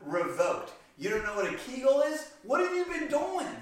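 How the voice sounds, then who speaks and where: A man's voice: extremely high pitch, sing-song, normal speed, very echoey, recorded from a distance. A man ribbing his friends in incredulous casual chat.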